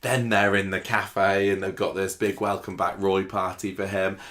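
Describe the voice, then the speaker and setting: Low-voiced man recapping a soap. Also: flat delivery, a bit bright. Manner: chatty, recounts scenes with quick acted quotes. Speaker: soap opera recap host. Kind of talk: casual chat.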